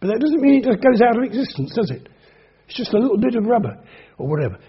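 A man preaching a sermon in an emphatic way, slowing down and repeating key phrases. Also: very high voice, big pitch swings, husky. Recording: dull lo-fi sermon recording.

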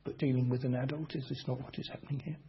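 A man preaching a sermon slowly and deliberately, asking the congregation rhetorical questions. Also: mid-range voice, flat delivery, slight background noise. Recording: dull lo-fi recording.

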